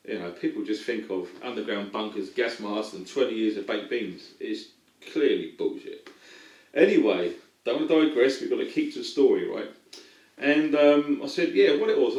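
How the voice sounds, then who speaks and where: A man's voice: medium pitch, a little mellow. Middle-aged man, casual rambling storyteller, recorded at a distance in a reverberant room. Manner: rambling, many ums and restarts. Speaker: vlogger.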